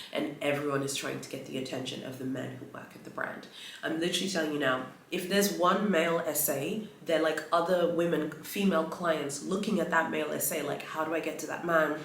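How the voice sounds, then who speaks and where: A woman's voice: sits low, creaky, a bit bright, a little hiss or hum. A woman vlogger telling a story in a chatty, rambling way, full of fillers and restarts. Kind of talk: casual storytelling vlog. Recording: roomy echo.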